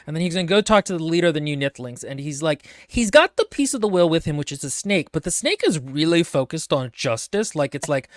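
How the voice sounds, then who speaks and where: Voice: medium pitch, expressive, fairly quick, fairly bright tone, no room sound. A co-host in a casual book podcast tells the story in loose, rambling bursts and laughs easily along the way. The voice sits in a middle register and the sound is dry and close to the mic. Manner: rambling recap with frequent laughs and restarts.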